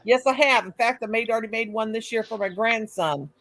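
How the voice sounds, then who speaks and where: A woman's voice: a little high, a little fast, a bit bright. An older woman hosting a casual live stream, chatting, greeting viewers by name, and humming and singing to herself between remarks.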